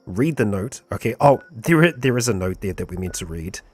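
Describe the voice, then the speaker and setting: A man's voice: lowish voice, a little fast, husky, soft background music. A man streaming a video game, chatting casually and thinking aloud as he plays. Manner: relaxed, chatty, thinking aloud, chuckles between lines. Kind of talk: casual gameplay commentary.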